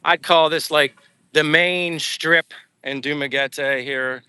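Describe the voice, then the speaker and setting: A man's voice: on the high side, slow, clean tone, dry recording. Chatty American man walking and live-streaming. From United States. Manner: relaxed, chatty, reads out viewer comments with many fillers. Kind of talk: casual live-stream chat while walking. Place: outdoors on a seaside boulevard.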